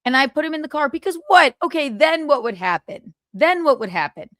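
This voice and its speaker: A woman's voice: high voice, big pitch swings, brisk, fairly bright tone, no room sound, studio quality. A woman host telling a story in a casual livestream monologue, swearing freely and acting out both sides of the exchange. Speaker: podcast host.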